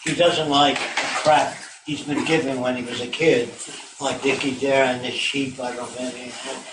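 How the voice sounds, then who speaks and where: A man's voice: mid-range voice, little pitch movement, moderate pace. Older guy talking to a crowd, swears a lot, dry and blunt, echoey hall from far away with background noise. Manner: blunt, profane and sardonic. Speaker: lecturer on tour. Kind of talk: informal public talk.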